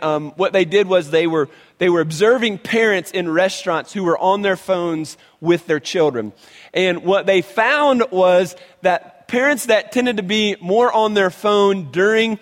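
Male pastor, animated conversational sermon, higher voice, reverberant hall. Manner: animated, conversational preaching with many restarts.

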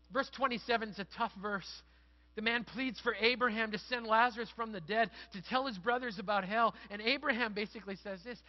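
High-voiced middle-aged pastor preaching. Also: male voice, fairly quick, highs cut off. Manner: conversational storytelling, building to earnest emphasis. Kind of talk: sermon.

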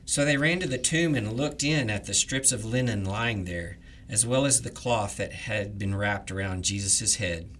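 A man leading morning prayers, reading the liturgy in a measured, reverent way. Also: on the low side, a bit bright, a little hiss or hum. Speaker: prayer leader.

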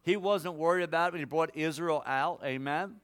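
A man preaching a prophetic sermon as a guest, swinging between loud exhortation and hushed personal words to listeners he calls son and daughter. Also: on the high side, fairly quick, smooth. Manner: addresses listeners directly as son, daughter, brother.

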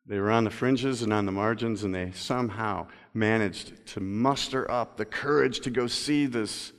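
A male pastor delivering a sermon, moving between loud emphatic stretches and slow, quiet reading. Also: lowish voice. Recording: long reverb of a large hall.

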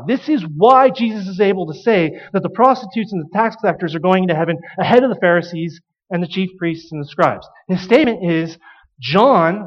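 Man preaching, high voice, storytelling, plays out each character, muffled lo-fi sound. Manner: storytelling, acts out quoted voices. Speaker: pastor. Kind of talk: sermon.

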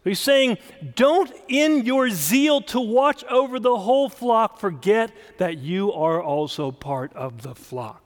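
A man's voice: sits high, expressive, slow pace, hardly any pauses. Emphatic male preacher in a reverberant hall. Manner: emphatic expository preaching, stressing single words. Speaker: pastor. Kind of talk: sermon.

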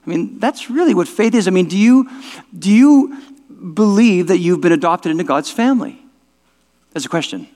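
A man's voice: high-pitched, animated, normal speed, dark tone. A male pastor giving an informal, conversational sermon, often restarting words and asking the audience whether it makes sense. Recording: long reverb of a large hall.

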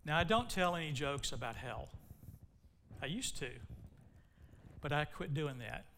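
A man's voice: fairly high pitch, big pitch swings, unhurried, gravelly, sharp tone, slight background noise. A man preaching a sermon, telling a long joke in a folksy way and then reading scripture aloud. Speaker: pastor.

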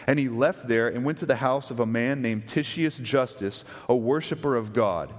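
Texan pastor preaching in a reverberant hall. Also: male voice, medium pitch, moderate pace. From West Texas. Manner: conversational, asks the congregation questions. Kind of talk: sermon.

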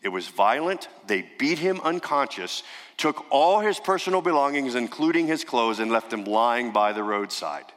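Animated pastor preaching in a reverberant hall. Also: male voice, mid-range voice, moderate pace. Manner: dramatic, emphatic storytelling with sudden hushed drops. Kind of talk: sermon. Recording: long reverb of a large hall.

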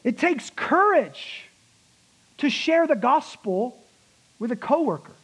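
Male pastor, high voice, emphatic sermon delivery, slows on key words. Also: very animated, fairly bright tone, husky, low-quality recording.

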